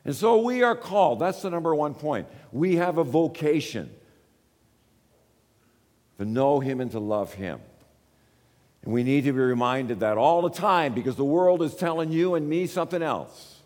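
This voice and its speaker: A man's voice: on the high side, animated, moderate pace, a little mellow. A man, preaching a sermon as a pastor, earnest and repeating words as he builds each point. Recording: long reverb of a large hall.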